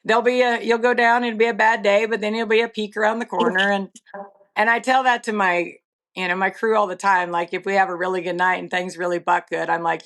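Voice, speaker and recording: A woman's voice: mid-range voice, little pitch movement, fast talker, fairly bright tone. Folksy woman chatting in an interview. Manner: casual, folksy, frequent fillers. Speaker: guest, rodeo stock contractor. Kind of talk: conversational interview.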